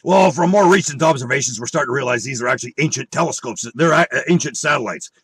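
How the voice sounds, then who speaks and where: A man's voice: medium pitch, quick pace, a bit bright, breathy edge, no echo. A man on an angry monologue full of swearing and rhetorical questions. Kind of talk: angry profane rant.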